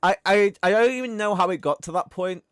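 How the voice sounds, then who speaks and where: A man's voice: high voice, fairly quick, clear, resonant tone, no echo. Chatty man streaming, dry close sound. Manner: rambling, animated, mimics game characters. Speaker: game streamer. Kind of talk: casual chat.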